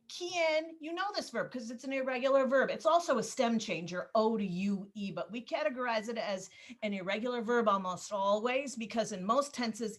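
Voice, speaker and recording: A woman teaching a Spanish class over a video call, explaining grammar rules patiently step by step and gently calling on students. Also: mid-range voice. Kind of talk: online class instruction.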